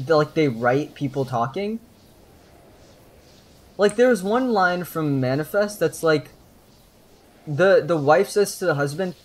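Lively, rambling streamer. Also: mid-range voice. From New Jersey. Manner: rambling, profane, laughs often. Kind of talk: casual gaming stream chatter.

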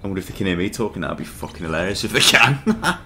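Grumbling young gamer, lively pitch. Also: male voice, fast talker, faint music behind. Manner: grumbling, swearing, laughing at the game. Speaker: gaming channel host. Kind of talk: casual gameplay commentary.

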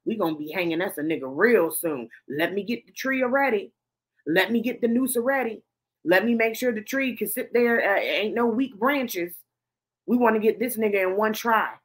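A woman voicing mocking, gleeful racist crowd members in a slow, lower drawl. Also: expressive, breathy edge. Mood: jeering.

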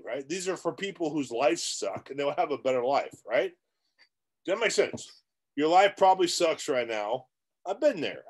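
A man delivering a motivational vlog monologue in a somewhat high voice that swings widely in pitch. He is blunt and repetitive, talks straight at the viewer, and keeps restarting sentences. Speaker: real estate coach.

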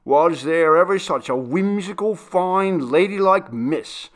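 A man voicing an indignant, grumbling old butler who rails scornfully and loudly. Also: mid-range voice, slow.

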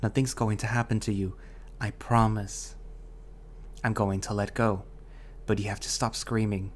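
A man voicing a huge, gentle male gray wolf who speaks softly and calmly in an audio story. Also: lowish voice, a little slow, a little hiss or hum, close to an everyday voice. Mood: soothing. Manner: soft, calm, pleading.

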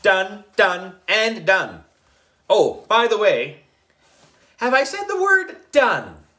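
A man voicing an excitable, frustrated boy hero, prone to dramatic exasperated outbursts. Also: sits high, slow pace, pitched above the performer's own voice, heavily acted.

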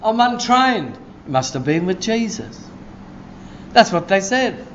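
A man preaching a sermon in a church, excitable and conversational, often asking "Hey?" and laughing. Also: high-pitched, takes it slowly, a little hiss or hum. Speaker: pastor.

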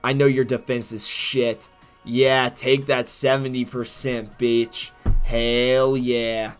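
A man's voice: medium pitch, level tone, takes it slowly, soft background music. A man giving profane, trash-talking live commentary while he plays a competitive game, swinging between rage and jokes.

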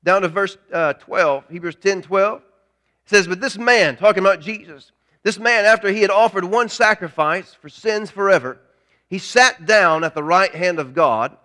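Male pastor, high bright voice, emphatic sermon delivery with rhetorical questions. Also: moderate pace. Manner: emphatic preaching, repeats key lines, rhetorical questions.

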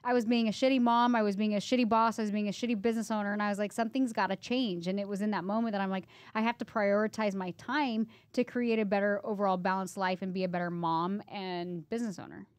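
Medium-pitched and fairly even in intonation, this thirtysomething podcast co-host talks fast with few pauses in a dry recording. The conversation is casual as she shares personal stories, chatty and emotional and packed with fillers.

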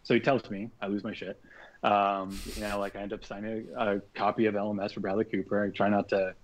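Low-voiced man telling a story casually. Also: quick pace, slight background noise, low-quality recording. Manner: animated, acts out quoted speech, swears freely. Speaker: podcast guest, artist.

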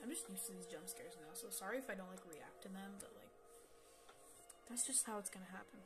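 Woman, casual gameplay commentary, excitable and foul-mouthed, chats at the on-screen characters; faint game music underneath. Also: mid-range voice, brisk. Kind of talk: casual let's-play commentary.

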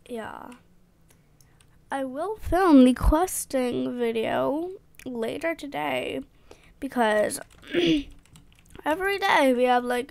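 A young woman with a high voice chats her way through a game in an excitable, rambling way. She speaks slowly and unhurriedly, filling gaps with ums and likes. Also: vocal fry. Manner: chatty, excitable, rambling with fillers. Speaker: gaming vlogger. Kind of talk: casual game commentary.

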